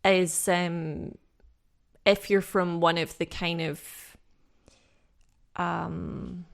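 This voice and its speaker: Woman from Britain, lowish voice, co-hosting a podcast; reflective and casual, thinks aloud with fillers. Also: flat delivery, drawn-out words, gravelly. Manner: thoughtful, many fillers and restarts. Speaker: podcast co-host. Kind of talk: casual discussion.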